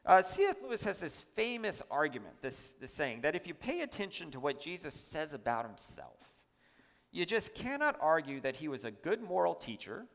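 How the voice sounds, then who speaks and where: A man's voice: fairly high pitch, a bit bright, long reverb tail. A man preaching a sermon in a church, emphatic and chatty, with asides to the congregation.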